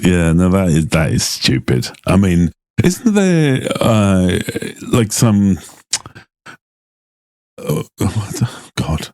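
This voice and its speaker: A middle-aged man co-hosting a casual podcast, agreeable and unhurried, searching for words with many fillers. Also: low-pitched, sing-song, a little mellow, no room sound. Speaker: podcast co-host.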